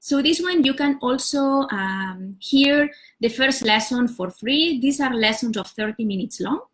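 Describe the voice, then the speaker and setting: Higher-voiced woman teacher explaining patiently. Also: lively intonation, a little slow. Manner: patient, step-by-step explaining with frequent "uh" and "so". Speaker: language teacher. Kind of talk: casual livestream explainer. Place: home setup for a live stream.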